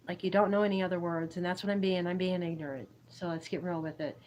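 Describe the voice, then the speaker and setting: A woman's voice: lowish voice, steady tone, fast, few pauses, a little mellow, poor audio. Giggly woman rambling on a livestream. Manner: giggly, meandering, reads chat aloud. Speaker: YouTube livestream host. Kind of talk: rambling spiritual livestream chat.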